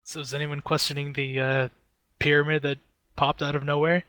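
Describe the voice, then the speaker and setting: Bright-voiced man at a game table. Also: on the high side, little pitch movement, normal speed, dry recording. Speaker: player. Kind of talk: casual tabletop game chat.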